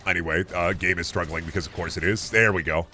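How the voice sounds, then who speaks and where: A man's voice: low-pitched, fairly even intonation, fast, over music. A man streaming a video game, chatting in a rambling, jokey way with plenty of swearing. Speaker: gaming streamer. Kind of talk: casual stream chat.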